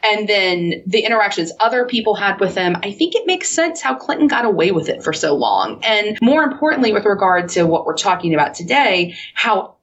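A woman's voice: mid-range voice, lively intonation, brisk, few pauses. A woman co-hosting a podcast, talking casually and thoughtfully and laughing often. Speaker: podcast co-host. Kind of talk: casual conversation. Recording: dull, slightly noisy line.

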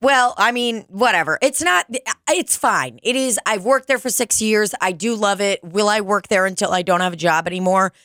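A young adult woman chatting casually on a podcast, telling profane, animated stories with mocking put-on voices. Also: medium pitch, normal speed, dry recording, studio quality. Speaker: podcast co-host, bartender. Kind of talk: casual chat.

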